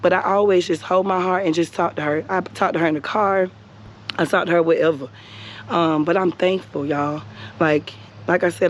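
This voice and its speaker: A woman's voice: fairly low pitch, steady tone, normal speed, a little hiss or hum. A young woman talking earnestly to her viewers while standing outdoors at a cemetery, repeating her words for emphasis and calling them y'all. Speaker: vlogger. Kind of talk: heartfelt talk to camera.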